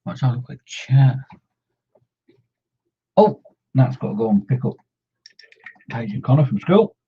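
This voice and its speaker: A man's voice: mid-range voice, very animated, measured pace, breathy edge. A man chatting casually while painting miniatures, rambling and humming to himself. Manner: rambling, hums and mumbles to himself. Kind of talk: casual chat while working. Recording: dull lo-fi sound.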